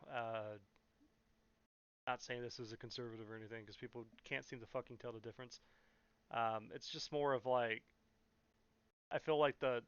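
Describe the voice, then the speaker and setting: This young California YouTuber answers questions in a rambling, casual vlog, swearing bluntly and leaning on fillers. His medium-pitched voice is fairly bright, clear and resonant, though the dry recording comes across dull and muffled.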